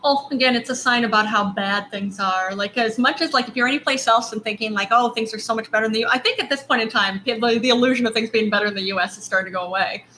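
A woman's voice: a little high, fast talker, hardly any pauses, pushed and bright, slight background noise, poor audio. A woman co-hosting a casual podcast, recapping news in a rambling, self-correcting way. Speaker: podcast co-host. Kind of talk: casual chat.

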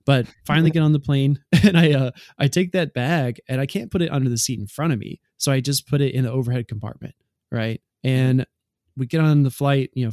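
A man's voice: medium pitch, a little mellow, no room sound, clean studio sound. A man co-hosting a podcast, telling a long anecdote in casual chat with many fillers. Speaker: podcast co-host.

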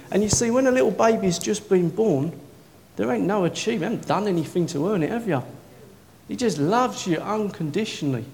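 A man preaching a sermon in a church, telling stories with swings from quiet to loud, wearing a mic. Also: high-pitched. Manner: excitable storytelling, swinging from soft to loud. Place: church hall. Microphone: worn mic. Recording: echoey hall, faint noise.

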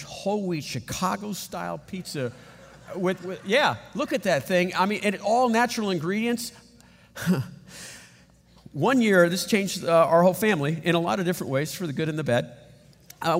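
A middle-aged man preaching a sermon as pastor, telling stories in an animated, emphatic way. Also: on the high side, in a large hall.

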